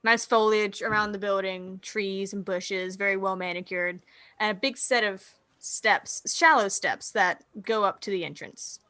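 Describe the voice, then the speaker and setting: A woman's voice: mid-range voice, steady tone, a little slow, bright, forceful tone. A woman narrating as game master of a tabletop role-playing game, casual and laughing often.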